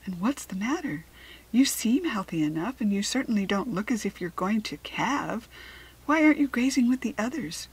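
A woman reading a storybook and voicing an earnest young farm girl, with a breathy, eager and questioning manner. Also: medium pitch, expressive, normal speed, low-quality recording.

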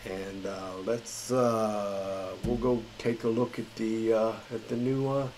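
A man's voice: fairly low pitch, flat delivery, slow, darkish tone, slight background noise, low-quality recording. A man hosting a gaming channel, reading patch notes in a tired, rambling, casual way. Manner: rambling, filler-heavy, chuckles at himself. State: tired late at night.

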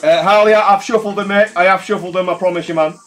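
A man's voice: high voice, fairly even intonation, fast talker, fairly bright tone. A man hosting a live-stream card draw in casual chat, calling everyone mate and swearing freely. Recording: faint music in the background.

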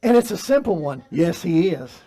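Male pastor, fairly high voice, preaching in church, moves between forceful emphasis and hushed delivery. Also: very animated, normal speed. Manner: preaching with swings from loud emphatic to soft and quiet. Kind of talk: sermon. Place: church sanctuary.

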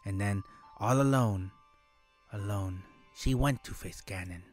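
A man voicing a solemn, formal old woman elder, reading her lines slowly with stumbles. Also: fairly low pitch, soft background music, natural voice. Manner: slow, stilted formal delivery with stumbles.

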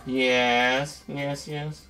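A man's voice: medium pitch, level tone, drawn-out words, loud music behind the voice. A man performing a one-sided comedy skit, nervous and placating, stammering as he talks to someone unseen.

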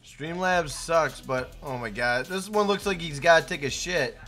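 A man's voice: on the high side, moderate pace, soft background music. A young man live-streaming a game, chatting casually and hyping up his chat by name. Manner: hyped, shouts out chat names.

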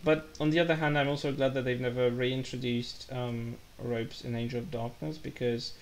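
Casual gamer guy talking over his stream, jokey and self-mocking, mid-pitch voice. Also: level tone, normal speed. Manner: chatty, joking, self-deprecating. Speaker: gaming livestreamer. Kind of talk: casual live gameplay commentary.

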